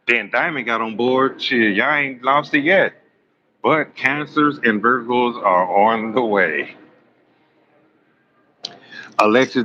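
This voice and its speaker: A man's voice: mid-range voice, pushed and bright. A man hosting a live astrology stream, chatting casually with viewers in a joking, teasing, rambling way. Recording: slightly dull lo-fi stream audio with faint room noise.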